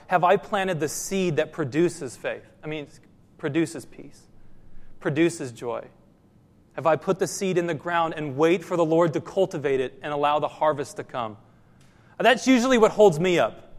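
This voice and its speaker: Guy preaching a sermon, kinda high voice, long echo in the church. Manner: questioning, repetitive emphatic preaching. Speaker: pastor.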